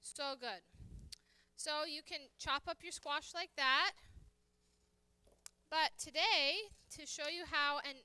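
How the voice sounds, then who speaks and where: A woman's voice: high-pitched, slow, pushed and bright, dry recording. A woman chef giving a live cooking demonstration, chatty and telling stories while she works. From United States. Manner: chatty, anecdotal, talks while working. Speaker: guest chef. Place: church hall kitchen demonstration.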